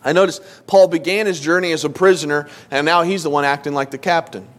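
Preacher, male, fairly high-pitched, informal teaching sermon, asks the room questions. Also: fairly even intonation, quick pace. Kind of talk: conversational Bible teaching.

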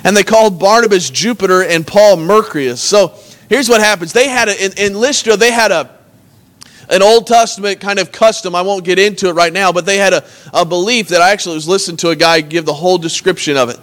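High-voiced male pastor preaching. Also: fast talker, a bit bright. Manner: earnest preaching, reads scripture aloud and retells it in plain talk. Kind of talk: sermon.

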